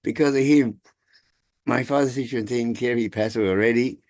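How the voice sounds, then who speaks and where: A man, telling a family story over a video call in halting, chuckling speech. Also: mid-range voice, fairly even intonation, a little mellow, no room sound, clean studio sound. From Taiwan. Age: 60s. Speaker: congregation member sharing gratitude. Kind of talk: casual storytelling.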